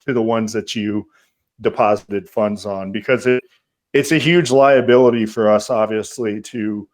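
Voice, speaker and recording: A lower-pitched man with a flat, monotone delivery answers a question for his team. He hesitates and restarts his sentences often, and his tone stays even throughout. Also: measured pace. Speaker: platform team member. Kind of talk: live online Q&A.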